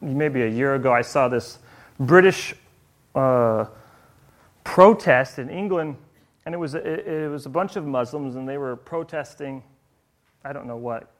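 A man preaching a sermon in an animated way, throwing rhetorical questions at his listeners. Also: mid-range voice, unhurried, pauses often.

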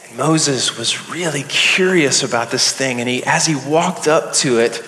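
A man telling a Bible story live in a large hall, slow and earnest, often repeating phrases. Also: mid-range voice, pushed and bright, a little hiss or hum. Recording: echoey hall with long reverb.

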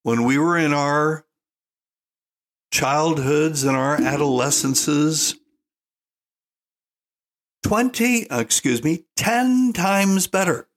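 Older guy lecturing about parenting, folksy and blunt, kinda high voice. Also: lively intonation, slow pace, long pauses. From United States. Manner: folksy, emphatic, addresses listeners as "folks". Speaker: parenting commentator. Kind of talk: opinionated monologue.

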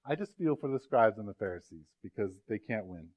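A man's voice: lowish voice, animated, brisk, darkish tone. A male pastor preaching to his congregation in a loose, conversational way, full of jokes and asides to the room. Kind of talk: sermon. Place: church sanctuary.

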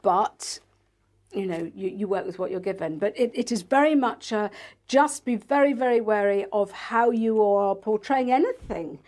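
A woman's voice: mid-range voice, moderate pace, a little mellow. A woman talking casually in an interview, acting out quoted voices of parents and children. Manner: chatty, acts out quoted voices of parents and kids. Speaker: guest, NLP practitioner and author.

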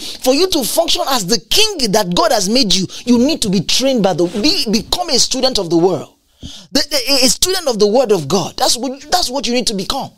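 A woman's voice: a little high, fairly bright tone. A woman preaching a sermon, emphatic and repetitive, asking rhetorical questions and laughing between points.

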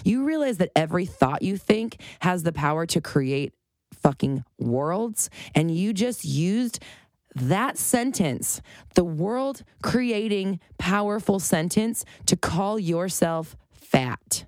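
A woman's voice: on the low side, animated, slow pace, darkish tone, no room sound, studio quality. A woman around forty gives an unscripted motivational monologue as a life coach, emphatic and profane, often breaking into laughter.

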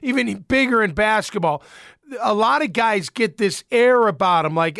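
A man with a high voice delivers a blunt, worked-up sports rant. He repeats his points and vents with force. The sound is dry and close, with no room around it. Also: lively intonation, normal speed, creaky, fairly bright tone, no room sound. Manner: blunt, heated, repetitive. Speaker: sports commentator.

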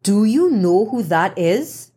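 A woman's voice: medium pitch, big pitch swings, slow, mellow, husky, exaggerated voice. A woman reading the lines of a flustered male photographer who stammers under pressure. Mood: incredulous.

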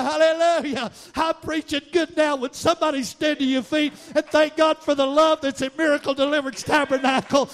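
A man preaching a fiery sermon, shouting and half-singing his repeated lines. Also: very high voice. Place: church sanctuary.

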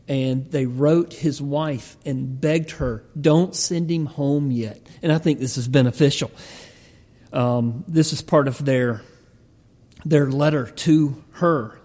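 A male preacher tells a story in a sermon, slowly and with a mellow, warm tone. He halts often with fillers. A long reverb trails his voice through a large hall. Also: on the high side. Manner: halting, many ums and uhs.

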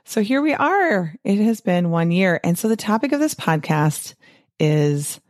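A middle-aged woman hosting her own podcast, talking in a chatty, upbeat way with quick asides and frequent laughs. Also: medium pitch, sing-song, a little mellow, no echo, studio quality. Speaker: podcast host, physician and weight-loss coach. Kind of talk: casual solo podcast talk.

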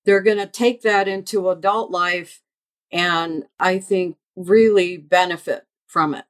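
A woman guest on a podcast, explaining dog behavior in a measured, deliberate way as an expert. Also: lowish voice, steady tone. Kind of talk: explanatory interview answers.

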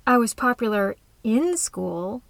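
A woman reading a withdrawn young freshman who talks quietly. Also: a little high, animated, takes it slowly, gravelly, dry recording, exaggerated voice. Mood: subdued. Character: young woman, shy, lonely college freshman.

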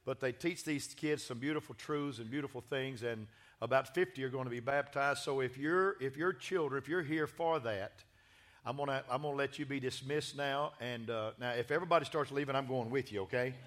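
A man's voice: mid-range voice, brisk, fairly bright tone. A man, a pastor giving a church sermon and announcements in a folksy, joking, exuberant way. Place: church sanctuary.

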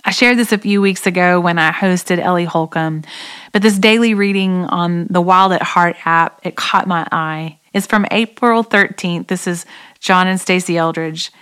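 Female host, 40s, devotional talk, earnest and reflective, lowish pitch. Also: normal speed, fairly bright tone, clean tone. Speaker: podcast host.

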